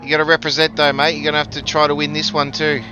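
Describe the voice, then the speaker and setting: A man's voice: a little high, monotone, fast talker. A man chatting casually with viewers while he streams a racing game. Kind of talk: casual live-stream chat. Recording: game music underneath. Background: racing game music and car engines.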